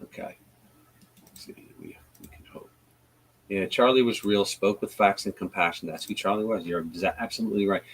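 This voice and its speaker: A man hosting a live stream, talking bluntly and profanely, with lively retellings and frequent restarts. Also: fairly low pitch, normal speed, poor audio. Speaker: livestream host. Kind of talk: casual political commentary.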